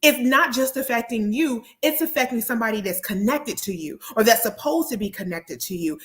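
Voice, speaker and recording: A woman's voice: mid-range voice, fairly bright tone. A woman hosting a motivational talk show, speaking earnestly and repeating key phrases for emphasis. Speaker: host; therapist and speaker.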